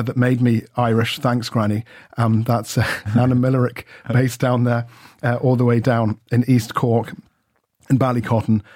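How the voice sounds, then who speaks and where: A man's voice: medium pitch, darkish tone, dry recording, clean studio sound. A man chatting on the radio as a reporter, emotional and self-deprecating. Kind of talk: casual radio chat.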